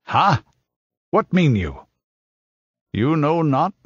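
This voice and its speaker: A man's voice: on the high side, big pitch swings, extremely slow, husky, no room sound, lo-fi sound, voice pushed up, exaggerated voice. A man voicing a fierce, proud Pictish warrior who speaks in a guarded, curt and sneering way. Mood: guarded scornful.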